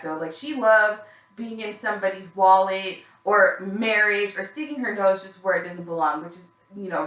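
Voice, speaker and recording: A woman's voice: medium pitch, fairly bright tone, roomy sound, low-quality recording. A woman casually recapping a reality show, candid and gossipy, swearing freely with plenty of fillers, sounding a little tired.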